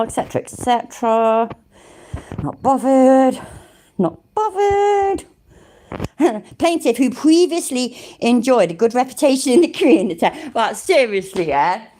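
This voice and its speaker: A middle-aged British woman reads a legal complaint aloud to her livestream chat and keeps breaking off to swear at it. Her delivery is sarcastic and quick to laugh. Her pitch swings widely from line to line. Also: warm tone, slight background noise. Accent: English (British). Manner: sweary, sarcastic, laughs often, mocks what she reads. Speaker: livestream host reading a legal document to chat.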